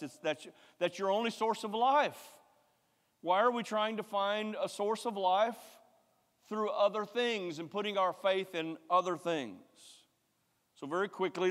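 A man preaching a sermon, emphatic and repetitive, swinging from loud to hushed. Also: fairly high pitch. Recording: long hall reverb.

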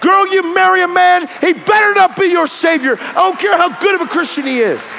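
Fiery gravelly high-voiced male preacher. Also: brisk, in a large hall, music in the background, crowd noise. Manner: shouting, preachy, storytelling with acted quotes. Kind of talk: fiery sermon.

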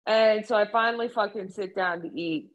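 A young woman co-hosting a casual podcast, telling an everyday story with lots of swearing. Her voice sits at an ordinary pitch for a woman, and she talks in loose, animated bursts. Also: moderate pace, lo-fi sound. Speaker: podcast co-host. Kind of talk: casual chat.

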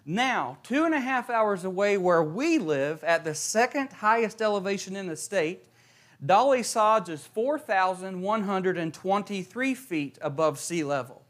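A man's voice: high-pitched, expressive, measured pace, a bit bright. A young man from West Virginia, preaching a sermon. He reads scripture, leads a prayer and tells a personal story, building emphasis as he goes. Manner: reads scripture, prays, then tells stories with rising emphasis.

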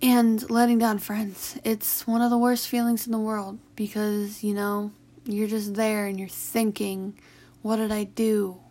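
Sleepy young woman, slow confessional podcast. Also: mid-range voice, flat delivery. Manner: soft, tired and halting, yawning and sighing, with whispered stretches. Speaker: podcast host. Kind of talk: late-night confessional podcast monologue.

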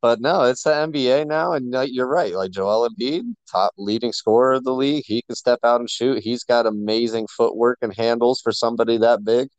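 A man's voice: medium pitch, fairly quick, few pauses, no room sound, dull audio. A man co-hosting a sports podcast, talking enthusiastically and rambling with lots of fillers. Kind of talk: casual sports chat.

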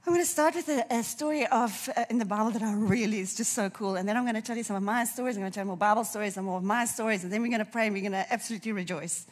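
A woman's voice: mid-range voice, very fast, hardly any pauses. A woman preacher with a runny nose, delivering a sermon and repeating key phrases for emphasis.

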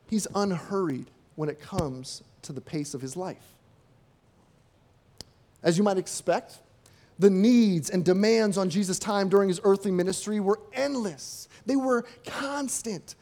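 A male preacher delivering a sermon in an easy, conversational way. He often asks rhetorical questions and slips into acted-out quotes. His voice sits high for a man. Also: unhurried, a little mellow.

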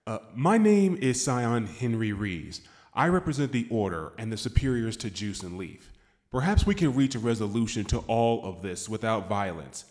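Narrator as a polite hesitant envoy, lowish voice. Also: male voice, very animated, normal speed, a little mellow. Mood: placating. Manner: hesitant, formal. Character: cautious, polite male order representative.

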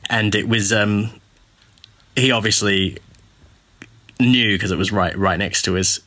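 A man's voice: on the low side, fairly even intonation, unhurried, bright, forceful tone, no room sound. A man telling an embarrassing story in a voice message, hesitant and full of restarts. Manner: hesitant, lots of ums and restarts, laughing. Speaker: listener sending a voice message. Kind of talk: rambling anecdote.

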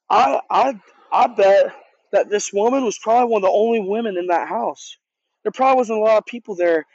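A man's voice: sits high, darkish tone, breathy edge, no echo. A man who leads a youth group, giving a casual sermon in an earnest, conversational way, often restarting and repeating words. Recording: dull, dry lo-fi recording.

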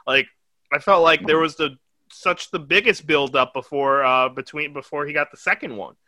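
A man's voice: a little high, fairly even intonation, normal speed, pushed and bright, no room sound. A young man hosting a podcast, reviewing a movie in casual, rambling chat that is full of swearing and laughter. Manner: rambling, profane, laughs often. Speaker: podcast host.

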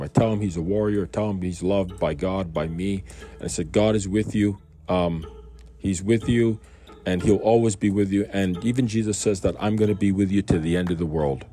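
A man talks through a scripture passage in an easygoing, wandering way, often turning to rhetorical questions. His voice sits on the low side and sounds warm and dark rather than bright. Soft music plays faintly behind him. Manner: rambling, conversational, full of rhetorical questions. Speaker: Bible reading host. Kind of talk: casual devotional talk.

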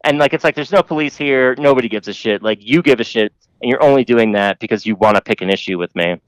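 A man on a podcast casually telling a rambling, profane story, mimicking other people in a higher voice. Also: fast talker, no echo, rough recording.

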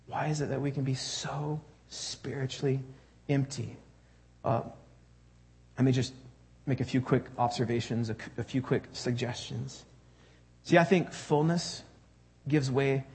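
In a husky, slightly high voice with a darkish tone, a pastor delivers a sermon to his church congregation. He keeps it conversational and joking, throwing questions out to the crowd.

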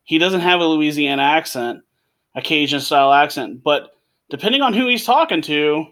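A man's voice: fairly high pitch, animated, normal speed, fairly bright tone. A man chatting casually on a podcast, telling a story animatedly, swearing and laughing as he goes.

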